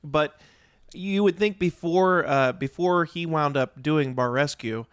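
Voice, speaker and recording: A man in a casual podcast chat, speaking in a measured, thoughtful way. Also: fairly high pitch, clean tone.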